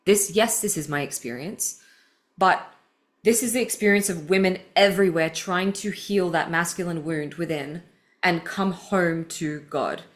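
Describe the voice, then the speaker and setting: A woman with a somewhat low voice reads from her own writing, stopping to add personal asides. She sounds earnest and vulnerable, and grief keeps rising in her voice as she reads. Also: a little slow. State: emotional, voice welling with grief. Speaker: podcast host.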